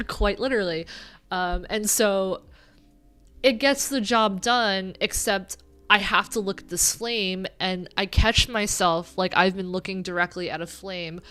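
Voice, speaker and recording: A woman with a nasal voice hosts a livestream, chatting casually, rambling and joking at her own expense. Her voice is medium in pitch, smooth and fairly bright.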